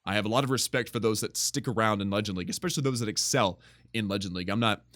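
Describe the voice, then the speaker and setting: A young man giving casual, excitable commentary over his own gameplay as a gaming YouTuber. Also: very fast. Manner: excitable, bursts of high-pitched excitement.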